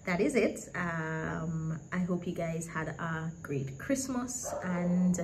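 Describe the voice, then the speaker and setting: A woman's voice: lowish voice, slow pace. A woman chatting casually in a vlog, rambling and candid, with laughs and the odd curse. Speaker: vlogger. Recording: background noise.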